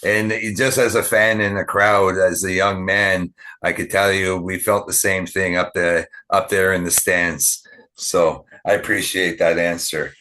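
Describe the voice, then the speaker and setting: A man's voice: low voice, level tone, unhurried, bright, forceful tone. A male podcast host asking prepared interview questions in a friendly way.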